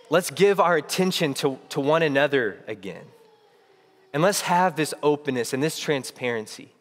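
A young man preaching a sermon to his church, earnest and reflective, often restarting his phrases. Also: a little high. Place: church sanctuary. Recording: long reverb of a church hall.

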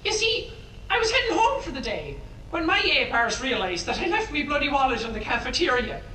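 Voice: high-pitched, very animated, a little fast, bright, forceful tone, slight background noise, full character voice. A voice actor playing a nervous male factory worker, rambling through a story. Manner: nervous, rambling, swears mildly. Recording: echoey tape recording from a distance.

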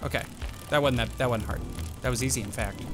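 A man giving casual, excitable running commentary while playing a game, often yelping and exclaiming. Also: mid-range voice, fast, music in the background. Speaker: gaming YouTuber.

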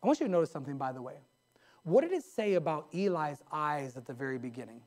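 A pastor preaches from the pulpit of his church, his voice sitting high for a man. He tells stories in a folksy, down-home way, with plain colloquial grammar. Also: very animated, fast, darkish tone. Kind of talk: sermon. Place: church sanctuary.

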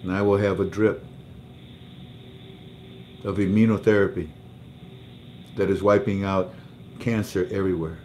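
A man with a low voice tells a personal story on his livestream, often going back over the same words. There is faint noise in the background. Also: little pitch movement, measured pace, long pauses, darkish tone. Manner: emotional storytelling, repeats words. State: under treatment for cancer. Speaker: livestream host. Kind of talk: casual livestream talk.

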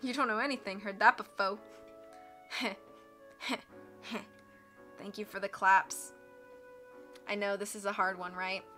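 A woman reading a book aloud on a live stream, with expressive narration and casual asides to her chat. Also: mid-range voice, measured pace, long pauses, soft background music.

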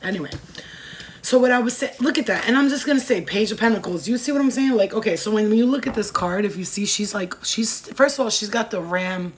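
A woman's voice: medium pitch, quick pace, slight background noise. Brash, cursing woman reading tarot. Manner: brash, profane and rambling; goes off on tangents. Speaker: tarot reader.

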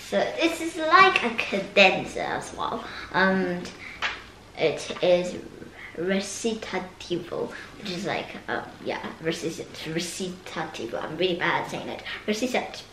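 A woman's voice: lowish voice, sharp tone. Female violinist vlogger, musing practice-room chatter, hesitant delivery; roomy echo, noisy background. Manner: hesitant, musing, with many ums. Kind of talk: thinking aloud during practice. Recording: echoey room with background noise.

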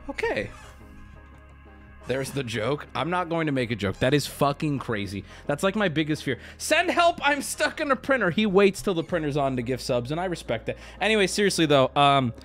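A man streaming live, talking casually to his chat and swinging between loud outbursts and low mutters. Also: big pitch swings, normal speed, faint music behind. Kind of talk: casual livestream talk.

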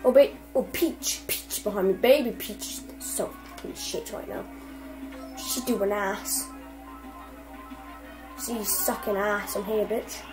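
A young woman giving casual, excitable commentary over gameplay and swearing constantly at her opponents. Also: mid-range voice, slow, pauses often, low-quality recording. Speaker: gamer. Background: faint game music.

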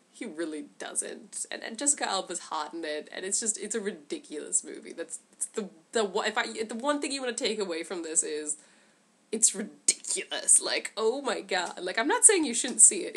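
Young woman, vlogger, casual rant, sarcastic, lively swooping pitch, camera mic. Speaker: vlogger reviewing a movie. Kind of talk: casual chat.

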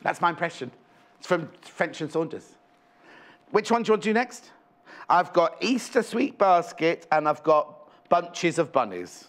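A chatty man hosts a live TV shopping show from a studio, talking on a clip-on mic. His voice sits fairly high for a man and swoops up and down with lively energy as he fusses over each item he shows. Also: unhurried. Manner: chatty, bubbly, fussing over items on show. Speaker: shopping channel presenter. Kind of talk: live TV sales chat. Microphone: clip-on microphone.

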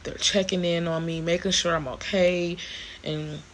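A woman's voice: on the low side, level tone, normal speed, slight background noise. A woman, chatting casually to camera in a vlog, grateful and rambling with many restarts. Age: 40s. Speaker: vlogger.

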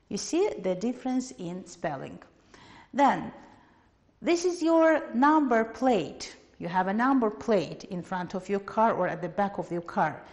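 A woman teacher with an Azerbaijani accent, giving a lesson in English in a lively, emphatic way and repeating words for her students. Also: mid-range voice, unhurried. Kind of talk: televised classroom lesson. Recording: long hall reverb.

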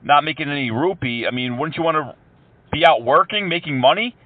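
Prank-call host, man with a slightly high voice, mock-earnest, tinny phone sound. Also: brisk, no echo. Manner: calm, mock-earnest, drops broken Hindi words. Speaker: prank caller and show host.

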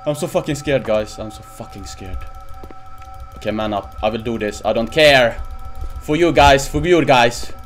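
A man playing a horror game on his channel, panicking, swearing and talking to himself, jumping into high yelps when scared. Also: normal speed, faint music behind. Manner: jumps to high-pitched yelps when startled. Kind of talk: let's-play commentary.

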